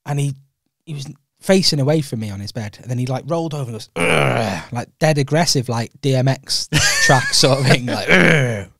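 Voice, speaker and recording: A young man with a Welsh accent rambles through stories in a relaxed podcast chat, breaking into laughter as he goes. His voice sits at a middle pitch and is recorded dry and close, with no room sound. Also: brisk, few pauses, no room sound. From Wales. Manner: rambling storyteller, laughs often. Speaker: podcast co-host. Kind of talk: casual chat.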